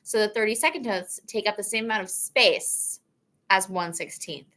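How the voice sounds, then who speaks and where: A woman's voice: mid-range voice, moderate pace, pushed and bright. A woman music teacher giving an upbeat, encouraging instrument lesson, counting the beats aloud in a chanting way. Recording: instruments playing along.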